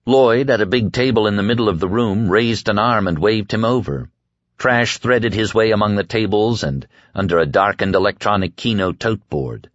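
A man narrating an audiobook in a lively, expressive way. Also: on the low side, normal speed, dry recording. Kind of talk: scripted narration. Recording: dull, dry lo-fi recording.

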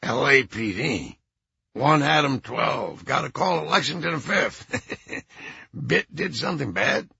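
Guy playing a congested old producer, low and gravelly, snide and scornful. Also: expressive, takes it slowly, sharp tone, dry recording, lo-fi sound, heavily acted. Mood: sardonic. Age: older. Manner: sardonic, scornful.

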